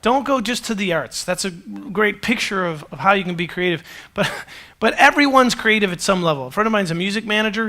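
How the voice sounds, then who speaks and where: A man preaching a sermon to a congregation as their pastor, conversational and animated, with self-deprecating humor. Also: sits high, brisk.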